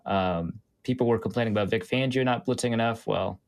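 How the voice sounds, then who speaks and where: A man's voice: medium pitch, a little fast, gravelly, dry recording. A man hosting a casual football podcast, walking through stats with frequent "uh" and "um" fillers. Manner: stat-heavy, many "uh" and "um" fillers. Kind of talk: casual football analysis chat.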